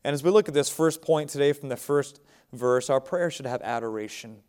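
American man, pastor, sermon, conversational asides, smooth resonant voice, mid-pitched. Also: fairly quick, a little mellow. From United States. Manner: conversational preaching with asides and chuckles.

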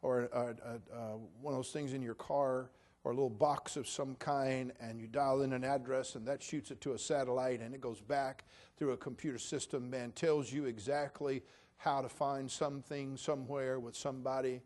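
A man preaching a sermon in a conversational way, with humorous asides and swings from quiet remarks to emphatic declarations. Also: medium pitch, steady tone, moderate pace. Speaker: pastor.

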